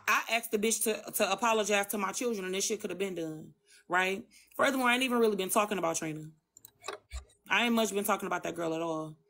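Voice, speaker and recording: A woman's voice: medium pitch, bright, forceful tone. A woman on a phone live stream, arguing her side bluntly and emphatically with lots of swearing. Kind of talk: heated livestream argument.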